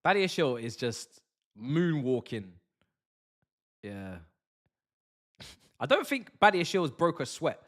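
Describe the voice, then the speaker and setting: A young man talks his viewers through a live football match, joking and ranting in heavy slang. His voice is bright and ringing and sits a little high for a man. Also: slow, pauses often. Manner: animated, slangy banter with chat. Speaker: watch-along streamer. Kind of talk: live football watch-along commentary.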